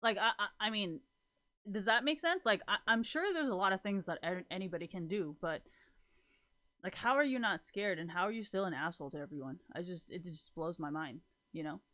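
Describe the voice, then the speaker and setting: A woman's voice: on the low side, lively intonation, a little fast, bright, forceful tone. A young woman in her twenties venting frankly to her viewers, profane and exasperated, rambling and correcting herself. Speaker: vlogger. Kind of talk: casual venting monologue.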